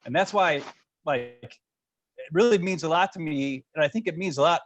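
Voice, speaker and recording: A man co-hosting a casual podcast chat, passionate and easily fired up. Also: a little high. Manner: fired-up, passionate, talks fast. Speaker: podcast co-host.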